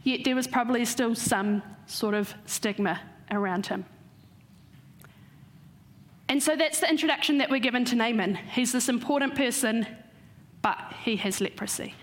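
A woman with a fairly high voice preaching a sermon. She retells the story step by step and slows down on the words she wants to land.

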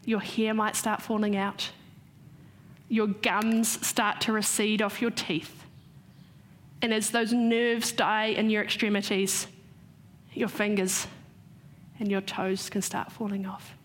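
A woman giving a sermon, retelling a story and slowing down to stress key points. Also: mid-range voice, flat delivery, slight background noise. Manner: storytelling, slows for emphasis. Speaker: preacher.

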